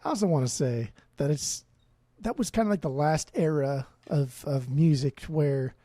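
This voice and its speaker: Mellow, profane man in his thirties. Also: fairly high pitch, moderate pace, dry recording. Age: 30s. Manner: profane, fumbles words, loose. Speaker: podcast co-host. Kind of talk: casual podcast chat.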